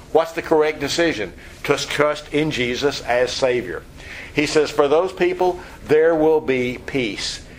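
A man preaching an expository Bible lesson, explaining word meanings and acting out scenes with lively energy. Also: medium pitch, slight background noise, low-quality recording. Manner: animated, acts out scenes. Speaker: pastor.

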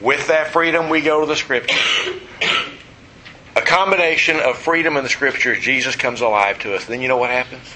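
A man preaches an emphatic sermon, posing questions to his listeners and answering them himself. His mid-range voice moves fairly quickly, against heavy background noise.

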